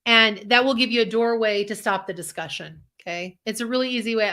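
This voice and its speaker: A woman with a bright, forward voice co-hosts a live online self-help show. She talks in an upbeat, earnest, encouraging way, walking listeners through tips. She speaks over a video call. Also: mid-range voice, fairly quick, hardly any pauses. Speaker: co-host, empath coach.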